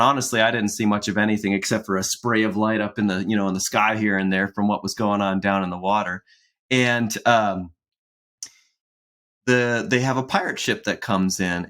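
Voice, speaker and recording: Man, podcast co-host, casual chat, rambling, frequent restarts, light laughter, mid-range pitch. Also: fairly bright tone.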